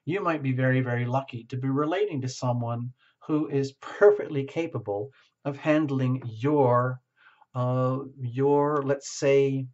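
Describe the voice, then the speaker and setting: A man's voice: medium pitch, measured pace, darkish tone. Guy doing a tarot reading, rambly and blunt, muffled lo-fi sound. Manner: rambling, searching for words, frank. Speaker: tarot reader. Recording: slightly muffled lo-fi recording.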